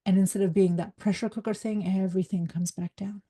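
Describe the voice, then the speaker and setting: A middle-aged woman, a leadership coach and former psychologist, giving a live workshop talk in a fast, direct, energetic way. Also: medium pitch, slightly rough.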